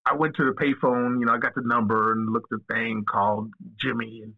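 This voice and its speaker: A man, a podcast guest, telling stories casually in an animated, profane way and acting out the dialogue. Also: medium pitch, brisk, hardly any pauses, breathy edge. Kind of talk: casual storytelling. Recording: tinny phone-line audio.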